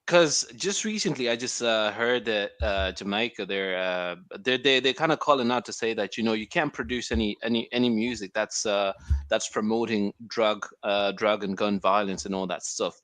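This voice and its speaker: A man's voice: lowish voice, moderate pace, a bit bright, no room sound. Rambling man on a dry mic. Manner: rambling, many restarts. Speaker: podcast co-host. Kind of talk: casual chat.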